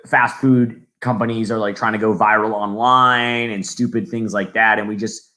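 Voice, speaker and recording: A man's voice: on the low side, little pitch movement, normal speed, sharp tone. A man co-hosting a podcast in casual chat, telling stories and acting out the people in them. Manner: chatty storyteller, acts out quotes. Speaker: podcast co-host.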